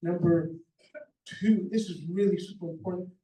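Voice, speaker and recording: A middle-aged contractor with a high-pitched, mellow voice gives practical advice to a seminar audience at normal speed and in a steady tone. He's emphatic, lays out numbered points and keeps asking "okay?", recorded from a distant mic in a roomy hall.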